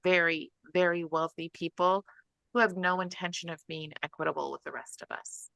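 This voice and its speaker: Woman guest, earnest and restarting often; lowish voice, bright, dry sound. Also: steady tone, normal speed, creaky, dry recording. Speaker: podcast guest. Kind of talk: casual discussion.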